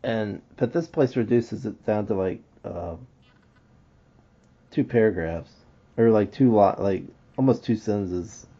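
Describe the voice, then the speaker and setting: A man's voice: fairly low pitch, a little slow, mellow. A man from the United States co-hosting a podcast, teasing and rambling in casual chat with many fillers. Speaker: podcast co-host. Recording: dull lo-fi podcast audio.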